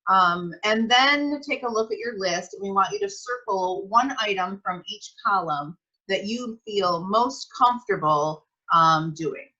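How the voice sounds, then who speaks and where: A woman co-teaching a social skills lesson, giving friendly, measured instructions with frequent pauses. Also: medium pitch, big pitch swings, bright, forceful tone. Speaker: prevention specialist, co-teacher. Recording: dull lo-fi sound.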